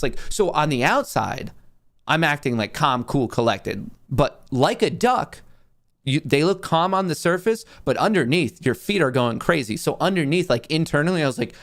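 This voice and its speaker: A young man, host of his own show, telling a story in a casual, animated way and acting out the people in it. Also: on the high side, normal speed.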